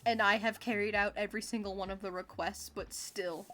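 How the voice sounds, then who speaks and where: A woman livestreaming a video game, chatting casually with her viewers in a giggly, expressive, playfully complaining way. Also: medium pitch, brisk. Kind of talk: casual gameplay chat with viewers. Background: faint game music.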